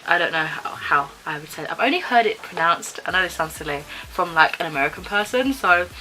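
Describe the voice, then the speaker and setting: A woman's voice: lowish voice, animated, fairly quick, bright, forceful tone, slight background noise, low-quality recording. A young British woman chatting casually in a vlog, rambling with frequent ums and self-corrections. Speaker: book vlogger.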